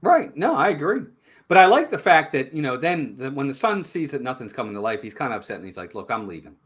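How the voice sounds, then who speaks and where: A man's voice: on the high side, fast, slightly rough. A man co-hosting a movie review show, chatting casually and acting out the characters' lines as he retells the plot. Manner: animated storyteller, acts out characters' lines.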